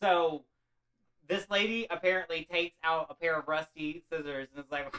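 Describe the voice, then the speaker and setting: Man, comic storyteller, rambling and offhand, bright voice, slightly high. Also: rough recording. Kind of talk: loose comic retelling of a classic.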